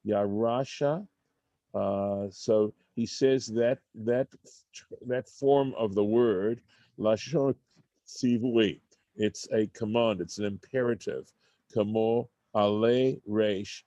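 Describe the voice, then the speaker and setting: Slow, low-voiced man teaching Torah text. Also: dark tone, no room sound. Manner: halting, thinking aloud, many restarts; reads Hebrew text, then translates into English. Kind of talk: unscripted Torah study class.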